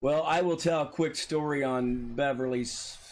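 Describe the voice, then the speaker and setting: Animated man telling old football stories. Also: a little high, measured pace, slight background noise. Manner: animated, laughing storyteller. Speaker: guest, former high school football player. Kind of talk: casual storytelling. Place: porch.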